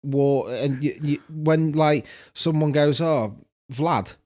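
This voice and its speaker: A man's voice: a little high, little pitch movement, slow pace, mellow. A man co-hosting a comedy podcast in a casual, jokey chat, laughing often. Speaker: podcast co-host.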